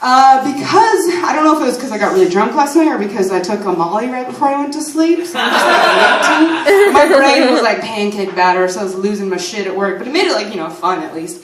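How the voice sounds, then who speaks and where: A woman's voice: fairly high pitch, animated, fast, hardly any pauses, noisy background. Rambling young woman doing stand-up. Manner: loose, rambling, swears freely. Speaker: stand-up comedian. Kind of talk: open-mic stand-up. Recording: echoey room, mic at a distance.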